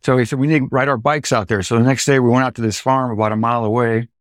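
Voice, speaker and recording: Older man from Illinois, dairy farmer, animated storyteller, dry close recording. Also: mid-range voice, quick pace, dry recording. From Illinois, United States. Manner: animated storyteller, acts out quoted dialogue. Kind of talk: storytelling interview.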